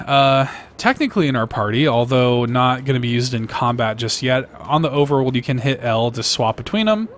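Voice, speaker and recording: A man's voice: mid-range voice, animated, fairly quick, hardly any pauses, slight background noise. A man giving casual, laid-back commentary over gameplay, full of fillers like "like" and "you know". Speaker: game reviewer.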